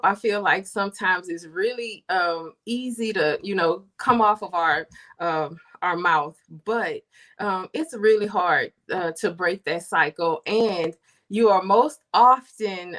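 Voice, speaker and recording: A woman author being interviewed, earnest and measured, with frequent ums. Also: mid-range voice, a bit bright. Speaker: guest author. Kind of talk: interview answers. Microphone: video call.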